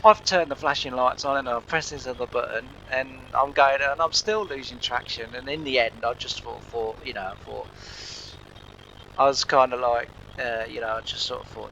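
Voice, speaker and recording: A man's voice: mid-range voice, steady tone, moderate pace, pushed and bright, highs cut off, a little hiss or hum. A man hosting a farming game video, telling a rambling, self-deprecating story with lots of filler words. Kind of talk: casual storytelling over gameplay.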